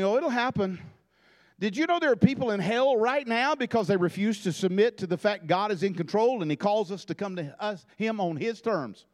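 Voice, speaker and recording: A man preaches a fervent church sermon in a notably high voice. He drives his points with repeated phrases and stammering restarts. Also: darkish tone. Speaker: guest preacher. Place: church sanctuary.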